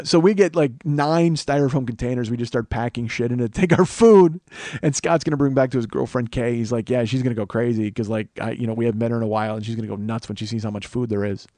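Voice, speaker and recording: Guy from chicago telling a funny story, lots of swearing, gets loud and laughy, dead dry mic. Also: medium pitch, no echo. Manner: profane, animated storytelling with laughs. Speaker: podcast host. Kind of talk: comedic storytelling monologue.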